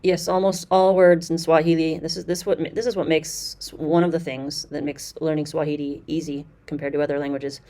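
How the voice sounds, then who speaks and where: A woman's voice: low-pitched, flat delivery, brisk, hardly any pauses, dark tone. A woman giving casual commentary as she reviews a language course, explaining points in a chatty way with many fillers and restarts.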